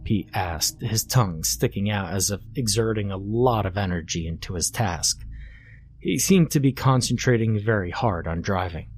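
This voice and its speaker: A man reading a first-person horror story in a calm, steady scripted narration. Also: low-pitched, moderate pace, slight background noise. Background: faint background music.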